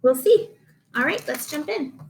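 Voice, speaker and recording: A woman reading a picture book aloud to children, slow and expressive, stopping to explain. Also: high voice, slight background noise.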